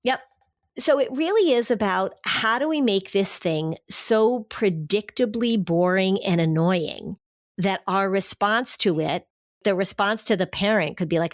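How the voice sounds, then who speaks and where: Woman podcast host, mid pitch, animated advice-giver, dry booth sound. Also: measured pace, no room sound. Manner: animated, acts out kids' voices in quotes. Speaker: podcast host, anxiety expert.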